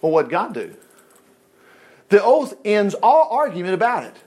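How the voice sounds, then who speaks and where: Animated male preacher, high lively voice, mimics congregants mid-sermon. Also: unhurried, slightly rough. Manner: animated, acts out churchgoers' voices.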